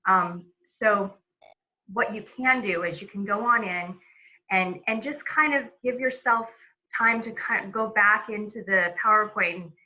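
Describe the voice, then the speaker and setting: A woman giving a relaxed webinar lesson on a video call, talking casually with many fillers and restarts. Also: mid-range voice, unhurried, poor audio. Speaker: presenter.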